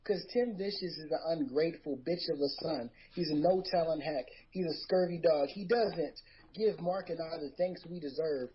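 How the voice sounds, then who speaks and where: A man's voice: a little high, normal speed. A man as a podcast guest delivering a theatrical, boastful wrestling-style promo over a muffled online call.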